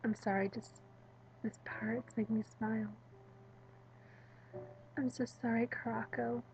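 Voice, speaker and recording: A woman doing let's play commentary, talking to her viewers and reading the game's text aloud with stumbles and quick self-corrections. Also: fairly high pitch, fairly even intonation, vocal fry, a little mellow, a little hiss or hum, low-quality recording. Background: game music.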